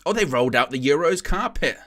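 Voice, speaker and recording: A man chatting casually and rambling excitedly about football on a fan channel's live stream, laughing often. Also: fairly high pitch, fast. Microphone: headset.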